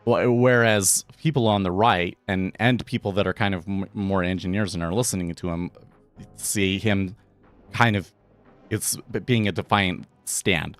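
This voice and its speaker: A man with a low voice chatting on his live trading stream, wandering from one thought to the next and often restarting mid-sentence. The sound is dry and close, with faint music playing behind him. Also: measured pace, no echo. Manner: rambling, restarts, thinks aloud. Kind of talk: casual live-stream commentary.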